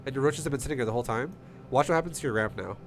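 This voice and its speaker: A man's voice: medium pitch, slight background noise. Blunt, swearing man coaching a replay. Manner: blunt, swears often, talks fast and heated. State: runny nose. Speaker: StarCraft coach reviewing a replay. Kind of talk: casual game replay coaching. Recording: music playing underneath. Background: music.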